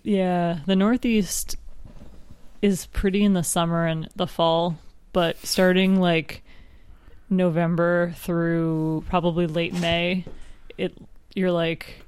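A woman's voice: on the low side, level tone, takes it slowly, darkish tone, smooth, no echo. A woman co-hosting a podcast in casual chat, talkative, laughing often and trailing off with "like". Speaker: podcast co-host.

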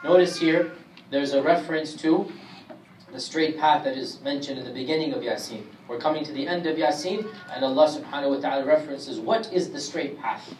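A man gives an emphatic scripture lecture, reciting Arabic verses at speed in a slightly high voice. He stands away from the microphone in an echoey room, with a faint hiss behind him. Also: fairly quick, a little mellow, far from the mic. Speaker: Islamic teacher giving Quran commentary.

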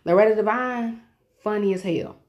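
A woman co-hosting a podcast in easygoing, casual chat. She talks with a playful, teasing edge and breaks into laughter easily, with her voice at a middle pitch. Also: normal speed, muffled recording. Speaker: podcast co-host.

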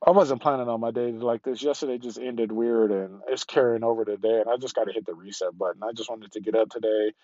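A middle-aged man vents alone into his podcast mic from a parked car, rambling and swearing in frustration. His voice is congested and sits at a plain, everyday pitch. The recording is dry and a little dull, with no room ring. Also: steady tone, fast, hardly any pauses, warm tone, no room sound. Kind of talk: solo venting podcast. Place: parked car in a parking lot.

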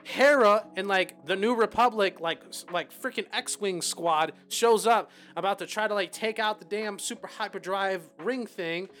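Excitable high-voiced young man. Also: moderate pace, few pauses. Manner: excited, animated retelling with sound effects and swearing. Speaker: podcast co-host. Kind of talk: casual chat.

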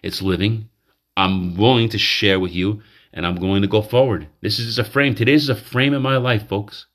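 A man's voice: on the low side, normal speed, fairly bright tone. Rambling manic man. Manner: rambling, confessional, self-interrupting. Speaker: podcast host. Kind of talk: rambling personal monologue.

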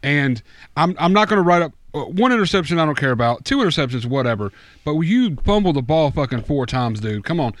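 A man's voice: fairly high pitch, big pitch swings, quick pace, no echo. A man co-hosting a casual sports podcast, rambling in an exasperated, profane way. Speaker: podcast co-host. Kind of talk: casual fantasy football chat.

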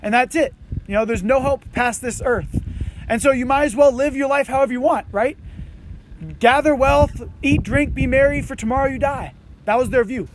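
A man with a strikingly high voice preaching a sermon outdoors, slipping easily from scripture reading into casual, animated talk with his congregation. He leans on "you know" and "right" as he talks. A faint hiss of wind sits behind him. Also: normal speed. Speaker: pastor. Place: outdoors under tents on a windy morning.

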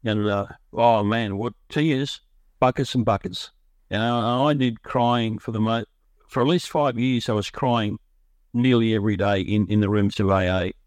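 A man's voice: fairly low pitch, steady tone, normal speed, no echo. A middle-aged man with an Australian accent, telling his own recovery story in a rambling, earnest way, often stopping to restart his sentences. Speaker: recovery speaker.

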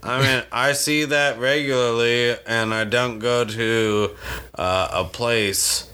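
Bright-voiced man, rambling casual chat. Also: mid-range voice, fairly even intonation, takes it slowly, smooth. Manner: rambling, heavy swearing, lots of "like".

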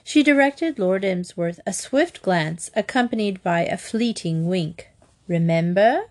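A woman reads a comic novel aloud in a wry, expressive way. Her medium pitch moves with a lively, animated range. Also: measured pace. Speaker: narrator. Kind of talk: audiobook narration of a comic novel.

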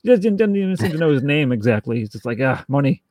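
A man co-hosting a podcast in casual chat, acting out scenes in quick little voices. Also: fairly high pitch, very animated, mellow, dry recording, clean studio sound. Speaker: podcast co-host.

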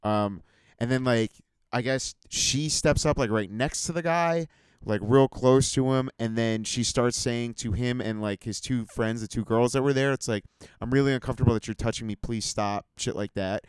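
A man's voice: medium pitch, normal speed, clear, resonant tone, dry recording, rough recording. A man co-hosting a podcast in casual chat, telling a detailed story with side remarks. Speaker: podcast co-host.

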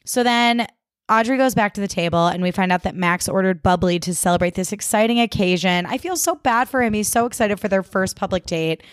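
Woman podcast host, casual and chatty recap voice, wry asides, mid-pitched, dry close mic. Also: dry recording.

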